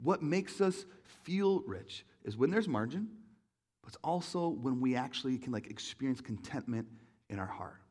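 A young man preaching a sermon in an auditorium, telling stories in an animated way and acting out voices. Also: mid-range voice, moderate pace. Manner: animated storytelling, acts out voices, laughs along. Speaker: pastor.

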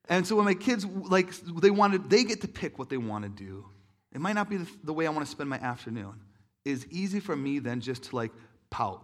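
A man's voice: on the high side, sing-song, fairly quick. A man, a married father, giving a casual, chatty sermon as a pastor, joking and self-deprecating with lots of fillers. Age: adult, married father.

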